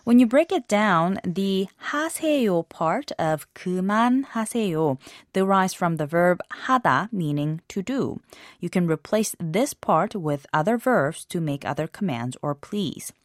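A woman reads a scripted language lesson. She explains each example phrase clearly and pronounces it carefully. Her voice sits fairly low, and the recording is dry and close with no room sound. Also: expressive, moderate pace, no room sound.

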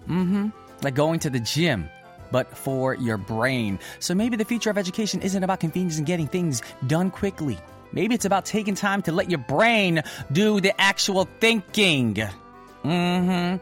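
A man's voice: sits high, lively intonation, normal speed, a bit bright, soft background music. A man hosting a radio show in casual, playful chat, dropping easy asides as he reads listener messages. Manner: chatty and playful, with many "mm-hmm" and "y'all" asides. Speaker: radio host.

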